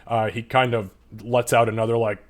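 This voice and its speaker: A male game master narrating a tabletop role-play session. He talks in a loose, rambling way, with plenty of swearing and "uh"s, at an ordinary middle pitch. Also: flat delivery, fairly quick. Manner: loose, profane, full of fillers.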